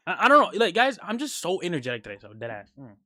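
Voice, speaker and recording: Male streamer, a bit high-pitched, sleepless, profane, jumps between hype and mumbles; dry booth sound. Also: huge pitch swings, fast, dry recording. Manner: swings from loud hype to low mumbling asides. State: sleep-deprived. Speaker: streamer reacting to videos. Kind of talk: casual, profane livestream chat.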